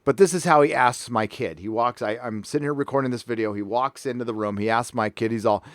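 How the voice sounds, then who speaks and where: A man's voice: mid-range voice, fast talker, no room sound, studio quality. A middle-aged man hosting a casual panel show from his home recording room, telling a story animatedly and swearing freely. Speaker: podcast host.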